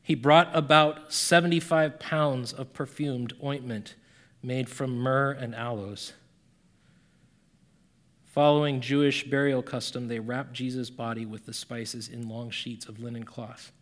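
A man preaching a sermon in a conversational, animated way, rising and falling in volume as he reads scripture. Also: mid-range voice, unhurried. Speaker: pastor.

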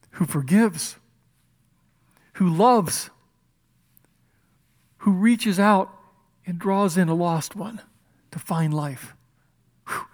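Male pastor preaching, fairly high voice; impassioned delivery that swings between loud emphasis and near-whispers. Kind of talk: sermon. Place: church.

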